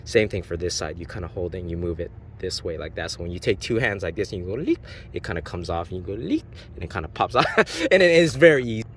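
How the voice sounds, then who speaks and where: Man, lowish voice, chatty RC car unboxing, filler words, mouth sound effects, faint background noise. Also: very animated, quick pace, a bit bright. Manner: rambling, filler-heavy, makes sound effects. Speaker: RC car reviewer. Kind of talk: casual unboxing demo.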